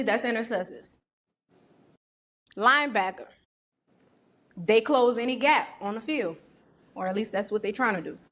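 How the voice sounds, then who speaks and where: High-pitched woman teaching a session. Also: a bit bright. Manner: preacherly, uses football analogies, asks the audience direct questions. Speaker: teacher leading a faith-based business session. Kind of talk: teaching with slides.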